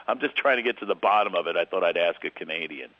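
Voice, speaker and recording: Man, middle-aged, Philadelphia accent, comedian guest, animated storytelling, lo-fi phone line. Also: sits low, fast talker, dry recording. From Philadelphia, USA. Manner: animated storyteller, lively voice jumps. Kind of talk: casual comedic phone interview.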